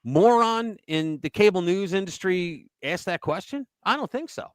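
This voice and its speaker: A middle-aged man hosting a live political commentary stream, animated and sarcastic, stopping to react while he reads headlines aloud. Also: sits high, normal speed, smooth, dry recording. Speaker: host.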